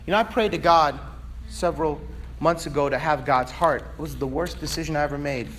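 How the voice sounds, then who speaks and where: A man preaching a sermon, swinging between fervent shouting and quiet, conversational asides. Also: on the high side, fairly quick, slight background noise. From Virginia, USA. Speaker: pastor.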